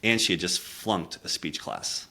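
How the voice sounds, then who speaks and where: A man's voice: low voice, sing-song, measured pace, creaky. A middle-aged man, a communication coach, telling a candid personal story in an earnest, reflective way. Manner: earnest, reflective, drops quiet for emotional moments.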